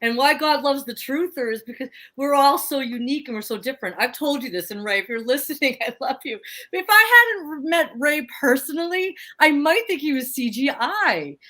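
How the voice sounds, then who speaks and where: A woman co-hosting a casual chat show, effusive and quick to laugh. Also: high-pitched, lively intonation, bright, forceful tone. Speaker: podcast co-host.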